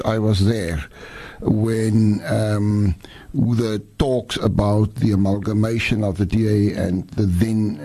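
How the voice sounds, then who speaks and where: A man's voice: lowish voice, mellow, slightly rough. A middle-aged man with a Cape Town Afrikaans-influenced English accent, answering radio interview questions earnestly, often restarting his words. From South Africa. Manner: halting, repeats words, earnest. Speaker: mayor-elect guest.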